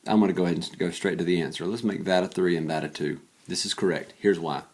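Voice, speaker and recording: Low-voiced male teacher, weary late-night energy, chatty and self-deprecating while solving equations out loud. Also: fairly even intonation, quick pace. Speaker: math teacher. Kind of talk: casual worked-example math lesson.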